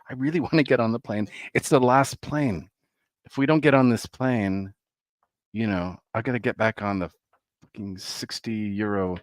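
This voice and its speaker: A man chatting casually and excitedly about records he bought, telling a rambling travel story with laughs and swearing. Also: sits low, no echo. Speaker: vinyl record collector vlogger.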